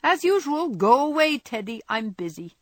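A woman voicing an idle, teasing young gentleman. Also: high-pitched, very animated, moderate pace, dry recording, pitched above the performer's own voice. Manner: lazy, playfully evasive.

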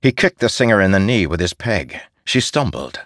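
A man giving measured, steady scripted narration as an audiobook narrator. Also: low voice, no echo. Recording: dry close studio sound.

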